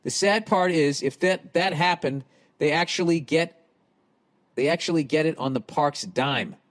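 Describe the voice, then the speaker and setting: A man's voice: on the high side, unhurried. A middle-aged man, hosting a podcast and reading listener letters aloud with sarcastic, profane asides. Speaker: podcast host.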